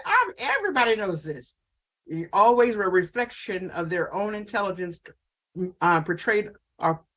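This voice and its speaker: A man's voice: high-pitched, a bit bright. A man teaching at a church ministry session in a conversational way, listing traits and often adding "you know". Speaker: ministry workshop speaker.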